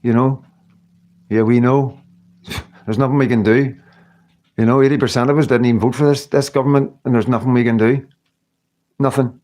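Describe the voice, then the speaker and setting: On a live stream, a middle-aged British man speaks earnestly and with emotion to his viewers, rambling and frequently restarting sentences. His voice sits in the mid range with a steady, slightly mellow tone, and he talks briskly but leaves long pauses.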